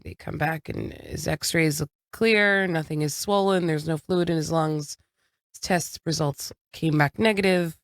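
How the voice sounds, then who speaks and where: A woman's voice: deep voice, a little slow, no room sound, clean studio sound. A woman in her thirties co-hosting a podcast, telling a family story in a frank, casual way and swearing now and then. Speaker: podcast co-host. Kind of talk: casual chat.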